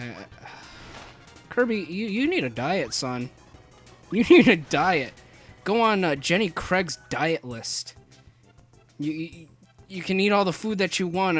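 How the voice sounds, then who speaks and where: Rambling, joking young man over game music. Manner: rambling, joking, many restarts and fillers; jumps to high excited yelps. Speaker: let's play commentator. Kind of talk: rambling gameplay commentary.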